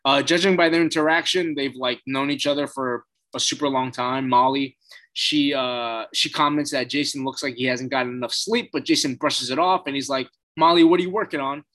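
A man's voice: mid-range voice, fairly even intonation, normal speed, bright, forceful tone. A man hosting a podcast, recapping a TV episode in a loose, casual way, swearing and dropping lots of fillers. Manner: loose, profane, filler-heavy storytelling. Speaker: podcast host.

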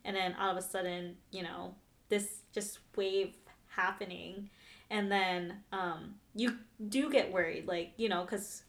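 A woman hosting a casual podcast, speaking in a gentle, affirming way. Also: mid-range voice, fairly even intonation, a little slow. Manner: gentle, affirming listener with soft agreements. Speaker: podcast host.

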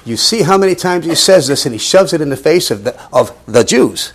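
A man's voice: a little high, animated, a little fast, hardly any pauses, husky. A man teaching a Bible study in a church, talking in a conversational and emphatic way.

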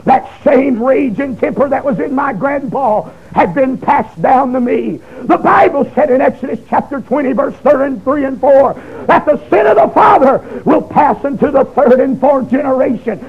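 High-voiced husky preacher man. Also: normal speed, hardly any pauses. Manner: emotional, swings from shouting to hushed low tones. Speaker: preacher giving his testimony. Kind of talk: fiery testimony sermon. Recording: dull lo-fi recording.

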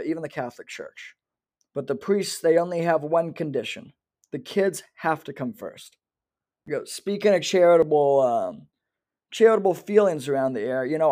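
A man's voice: fairly high pitch, darkish tone. A young man rambling into a microphone in a sardonic stand-up style, full of fillers. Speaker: comedian podcaster. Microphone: talking into a microphone.

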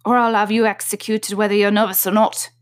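A woman's voice: medium pitch, little pitch movement, a little fast, natural voice. Woman reading as a stern impatient king. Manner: stern and threatening. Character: impatient bossy male king judging a trial.

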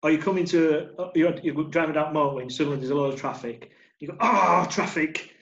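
A man's voice: a little high, fast. Reflective man, roomy sound. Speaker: podcast co-host. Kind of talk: casual chat. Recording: roomy, dull-sounding mic.

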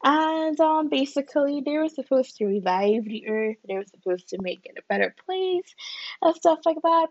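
Woman chatting on her podcast, rough gravelly voice, dull lo-fi sound. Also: a little high, animated, moderate pace, no room sound. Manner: chatty and musing, with frequent "like" and "you know". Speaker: podcast host. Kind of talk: casual podcast talk mixed with reading aloud.

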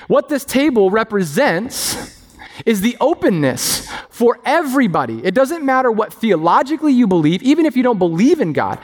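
A man preaching a sermon as pastor, animated and acting out the voices of others. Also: high voice. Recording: long reverb of a hall.

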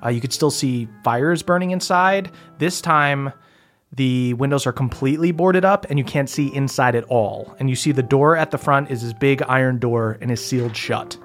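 A man running a tabletop game as game master, narrating scenes in a relaxed way with many fillers. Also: medium pitch, moderate pace, soft background music.

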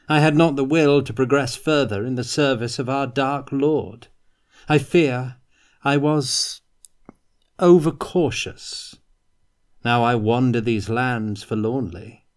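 A man voicing a tall armored chaos warrior who speaks in archaic, mocking words, pitched well above his own voice. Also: close to an everyday voice.

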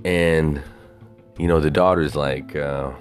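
A man's voice: very deep voice, steady tone, takes it slowly, soft background music. A man casually telling a rambling story, full of swearing and unsure asides. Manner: profane, hesitant, self-doubting.

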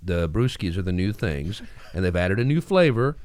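Guy hosting morning radio, tells stories all animated, dry close sound. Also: sits low, moderate pace, no echo. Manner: animated, acts out voices in his stories. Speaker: radio morning show host. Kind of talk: casual radio chat and storytelling.

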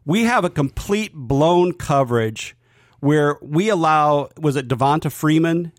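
A father co-hosting a casual sports podcast with his son, measured and agreeable, with hesitant restarts. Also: a little high, no echo, clean studio sound. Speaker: podcast co-host, father of the other host.

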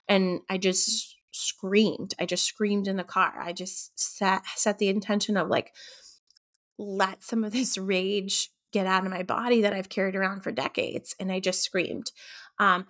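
A woman hosting her own podcast as a coach, talking in a gentle, reflective way with frequent ums. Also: medium pitch. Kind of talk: casual solo podcast talk.

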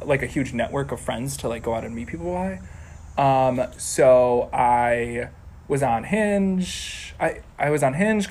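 A man telling stories in a casual podcast chat, animated and teasing, with a lively delivery. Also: mid-range voice, gravelly, slight background noise, rough recording. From United States. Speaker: podcast guest.

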